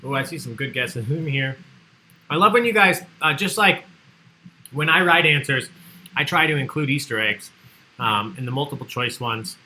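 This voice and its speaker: A man's voice: medium pitch, lively intonation, normal speed, pushed and bright, rough recording. A man hosting an online trivia livestream, chatty and joking as he reads out the answers people sent in. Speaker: trivia host.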